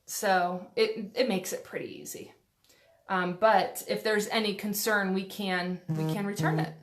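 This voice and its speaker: A chatty woman talks her way through a makeup tutorial at home, full of fillers, little asides and self-deprecating jokes. Her voice sits in an ordinary middle pitch and comes through a phone camera. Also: fairly even intonation, a little slow. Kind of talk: casual live-stream makeup tutorial.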